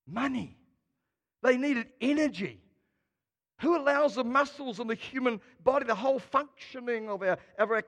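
A man preaching a sermon, expressive and dramatic, swinging between quiet asides and loud emphasis. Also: very high-pitched, big-room sound. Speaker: pastor.

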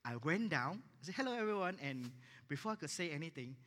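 Animated pastor preaching in an echoey hall. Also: male voice, on the high side, fast. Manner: animated, acts out dialogue in his stories. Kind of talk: sermon storytelling.

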